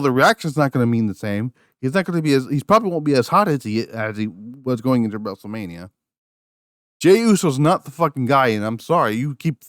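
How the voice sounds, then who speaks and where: A man's voice: medium pitch, no room sound, studio quality. An angry man, hosting a podcast alone and ranting with constant swearing and restarts. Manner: angry, profane, repeats words and restarts. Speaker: podcast host. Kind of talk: solo rant review.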